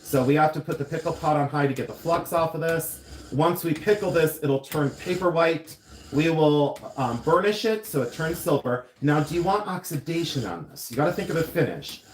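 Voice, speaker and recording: A man with a fairly high, lively voice speaks at normal speed while hosting a silversmithing livestream from his jewelry studio. He chats and tells meandering, off-topic stories as he demonstrates his work. The room is echoey, with slight background noise.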